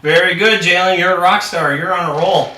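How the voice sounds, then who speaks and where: A man's voice: high voice, steady tone, brisk, pushed and bright, slight background noise. A young man acting as a reading tutor in a practice lesson, upbeat and encouraging, with frequent praise. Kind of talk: practice lesson role-play. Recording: echoey room, distant mic.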